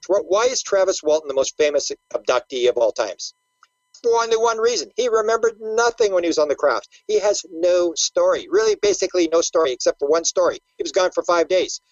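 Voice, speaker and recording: Animated older man, dry lo-fi sound. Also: sits high, brisk, dry recording. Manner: animated storyteller who acts out quotes and repeats words. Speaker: guest researcher. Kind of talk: casual interview talk.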